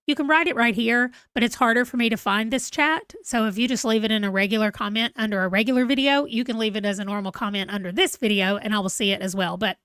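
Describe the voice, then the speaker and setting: A woman's voice: fairly high pitch, a bit bright, no room sound, studio quality. A middle-aged woman with a Southern US accent, chatting casually as she hosts a livestream and laughs at herself. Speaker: livestream host.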